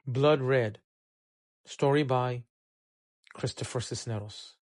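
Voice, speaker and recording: A man reading a noir short story aloud, in measured, steady storytelling. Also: mid-range voice, no echo. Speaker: narrator. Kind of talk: scripted audiobook narration.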